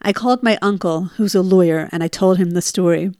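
A woman's voice: on the low side, brisk, darkish tone, no room sound, studio quality. A woman in her forties telling a personal story, reliving her panic with emotional bursts.

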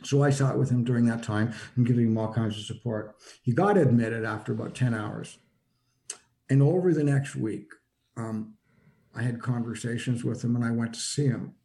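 A man with a mellow, warm tone tells a personal story in an easygoing conversational way. He stops and restarts often, repeating words as he gathers his thoughts, and lifts his pitch when he acts out what other people said. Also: vocal fry. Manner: halting, full of repeated restarts; acts out quoted lines with shifts in pitch. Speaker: guest recounting personal experience.

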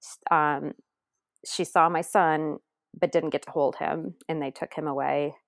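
A woman's voice: low voice, steady tone, unhurried, gravelly, dry recording, clean studio sound. A woman guest telling a personal story in an earnest, tender way, sometimes dropping to a near whisper. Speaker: adoptive mother guest.

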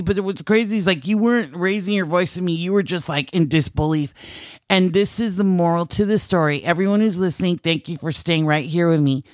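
A woman's voice: fairly low pitch, a little fast, no room sound, clean studio sound. A woman co-hosting a podcast, telling a story in casual chat, laughing often and acting out the lines she quotes. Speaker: podcast co-host.

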